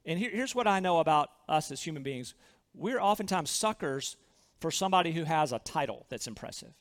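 High-voiced Southern preacher in a hall. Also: male voice, expressive, a little fast. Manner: earnest, emphatic preaching with repeated phrases. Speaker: pastor. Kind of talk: sermon.

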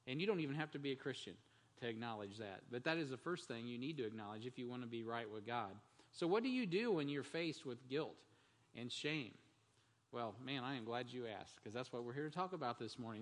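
A man's voice: mid-range voice, expressive, fast talker, a bit bright. A man preaching a Sunday morning sermon as pastor, in a conversational style with frequent restarts and fillers. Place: church sanctuary. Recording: long church-hall reverb.

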